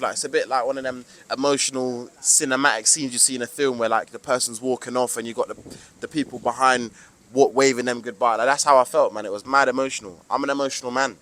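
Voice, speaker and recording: A man's voice: mid-range voice, fairly bright tone. A young man from the UK with a British accent, giving an emphatic, preachy motivational monologue to camera with lots of slang. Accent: British English. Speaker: vlogger.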